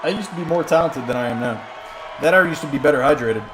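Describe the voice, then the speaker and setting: Excitable rambling male streamer. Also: a little high, fast talker, crowd noise, noisy background. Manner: rambling, jokey, excitable play-by-play. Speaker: streamer commentating a wrestling video game. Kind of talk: casual live-stream commentary.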